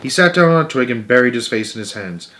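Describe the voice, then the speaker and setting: A man reading a children's book aloud as storyteller, gentle, with small slips and self-corrections. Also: mid-range voice, lively intonation, quick pace.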